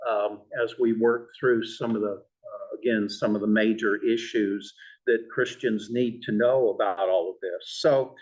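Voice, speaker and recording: A man teaching a church class in a halting lecture, with many fillers and restarts. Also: on the low side, steady tone, breathy edge. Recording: voice from far off in a room.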